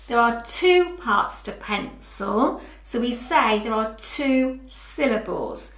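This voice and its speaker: A woman leads a lesson for small children in a slow, carefully spaced voice. Her higher pitch rises and falls in a lively, sing-song way. The sound carries an echo from the room. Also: very noisy. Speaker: early years teacher.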